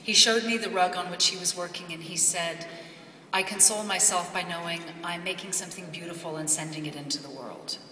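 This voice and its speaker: A woman's voice: on the low side, steady tone, fairly quick, bright, forceful tone. A woman giving an earnest, off-the-cuff speech at a gala. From Kentucky. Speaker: gala speaker. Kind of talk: extemporaneous speech. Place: large gala ballroom. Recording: echoey hall from far off, faint ambience.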